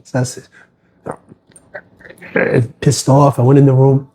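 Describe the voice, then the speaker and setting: A man's voice: medium pitch, fairly even intonation, moderate pace, long pauses, mellow, slight background noise. A middle-aged man talking casually and with grievance on a livestream, rambling with many fillers and restarts. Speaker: postal worker livestreaming.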